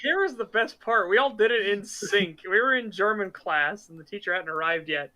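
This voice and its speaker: A bright, forceful voice chatting casually on a podcast, jumping into acted-out quotes as it tells a story. The tone stays middle-pitched and lively. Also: moderate pace. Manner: animated storyteller acting out quotes. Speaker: podcast co-host. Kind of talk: casual chat.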